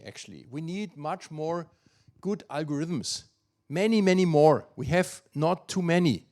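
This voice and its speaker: An older man with a German accent lectures on physics, pitched a bit high for a man. He thinks aloud as he goes, with fillers, restarts and quick asides to the audience. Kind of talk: academic lecture.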